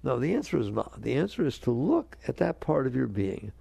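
A man giving a spiritual talk to an audience. He is animated, keeps asking his listeners questions, and acts out the inner voices he quotes. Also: mid-range voice, fairly quick, creaky, slightly rough, no echo. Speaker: spiritual teacher.

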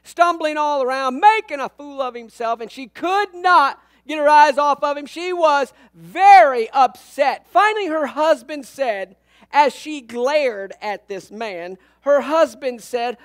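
This man's voice is very high, expressive, and a little slow as he preaches to a church sanctuary. Serving as pastor, he delivers a humorous sermon of funny stories, acting out what people in them said.

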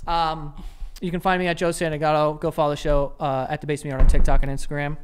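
Animated New man, casual podcast host. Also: on the high side, quick pace, slight background noise. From New York. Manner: animated, laughs often, swears casually.

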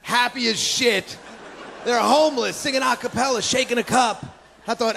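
A man's voice: very high voice, moderate pace, gravelly, bright, forceful tone. A man doing a brash, profane stand-up comedy set on a club stage, with mocking put-on voices. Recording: live club recording with crowd noise. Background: audience laughter and applause.

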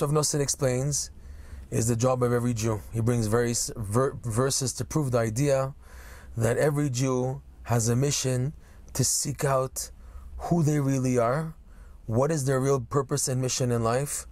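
A man's voice: medium pitch, a little mellow. A man teaching a religious lesson, explaining ideas step by step and checking in with "right?" and "okay?". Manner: explanatory, stretches key words slowly, asks "okay?" and "right?". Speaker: rabbi teaching Torah lesson.

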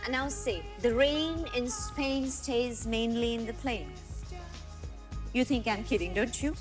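An actress playing a brisk, bossy call center interviewer who gives curt orders. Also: female voice, on the high side, music in the background, natural voice.

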